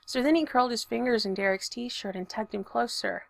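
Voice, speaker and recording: A woman reading a story aloud in a steady, even storytelling voice. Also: on the high side, a little fast, gravelly, no echo. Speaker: narrator. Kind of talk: audiobook fiction reading.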